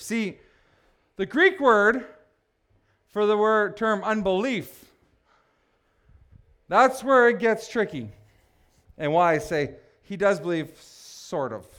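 A man preaching a sermon, building to passionate shouts and breaking off for joking asides. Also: high voice, expressive, takes it slowly, long pauses, smooth. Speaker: pastor.

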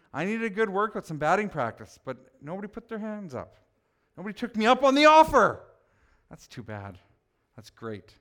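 A man preaching a sermon as pastor, animated and teasing, chatting with his congregation. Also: medium pitch.

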